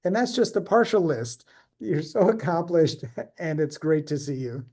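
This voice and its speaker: A man's voice: fairly high pitch, animated, normal speed, darkish tone. A man hosting a panel discussion, introducing guests and asking questions in an upbeat, encouraging way. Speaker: host.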